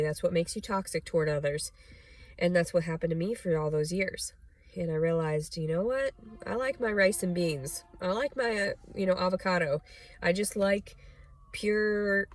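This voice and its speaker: A young adult woman speaks in a low register, rambling through a personal monologue with constant fillers and blunt swearing. The recording is dry and close, with almost no room sound. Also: no room sound. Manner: rambling, frequent "like" and "you know", blunt and profane. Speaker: vlogger.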